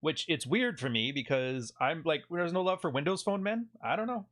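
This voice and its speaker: A man from Canada hosts a commentary video in a sarcastic, jokey way and is quick to laugh. His pitch swings widely and sits a little high. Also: animated, a bit bright.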